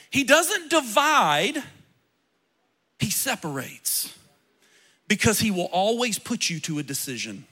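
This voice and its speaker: A male pastor preaching a sermon with dramatic storytelling, often rising into shouts. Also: very high-pitched. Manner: impassioned, often breaking into shouts.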